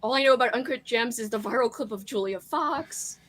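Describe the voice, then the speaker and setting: A woman's voice: a little high, a little fast, a bit bright. A young woman hosting a casual livestream chat, giggly and gushing. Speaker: livestream host.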